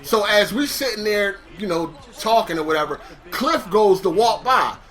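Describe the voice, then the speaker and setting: Animated high-voiced man telling a story. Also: moderate pace. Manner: animated, swearing, laughing, acting out dialogue. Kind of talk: casual storytelling.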